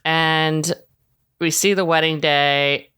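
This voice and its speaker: A podcast co-host giving a wry, deadpan play-by-play recap of a reality show in casual chat. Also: medium pitch, takes it slowly, clean tone.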